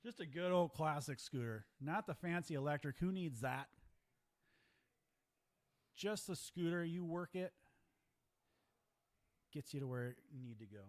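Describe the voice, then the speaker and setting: A man's voice: fairly high pitch, animated, unhurried, pauses often. A man giving live play-by-play commentary at a ninja competition, chatty and joking with his co-host.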